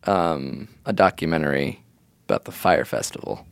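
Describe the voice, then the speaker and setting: Rambling, joking man with a lively, gravelly voice. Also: rumbling low, moderate pace, no room sound, clean studio sound. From Miami. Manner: rambling, joking, many fillers. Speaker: podcast co-host. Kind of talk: casual comedic chat.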